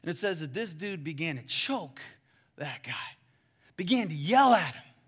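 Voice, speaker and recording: A male pastor preaching a sermon in a conversational way, calling the crowd guys and swinging between hushed and loud. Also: fairly high pitch, sing-song, moderate pace, husky.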